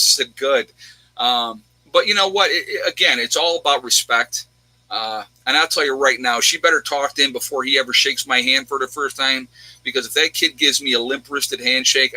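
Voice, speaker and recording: A man's voice: mid-range voice, sharp tone, dry recording, rough recording. A middle-aged man, the host, telling a personal story in a rambling, emotional way, fighting back tears and laughing. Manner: rambling, repeats himself, gets teary and laughs.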